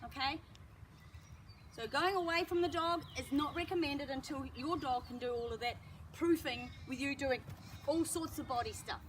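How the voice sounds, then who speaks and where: High-pitched lady teaching dog training, calm explainer, sounds far from the mic, loud outdoor noise behind. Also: moderate pace.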